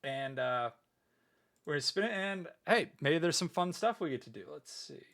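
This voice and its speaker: A man's voice: a little high, expressive, moderate pace, gravelly, fairly bright tone. A man chatting casually on a livestream as a VTuber, playful and mock-grandiose, swearing often. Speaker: VTuber streamer.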